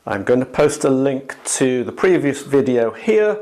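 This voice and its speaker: Man from the UK, Alexander Technique teacher, mid-pitched, casual talk to camera with pauses, brief lively acted voices. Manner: acts out inner voices with raised, lively pitch; relaxed, thinking aloud with ums and restarts. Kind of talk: casual instructional monologue to camera.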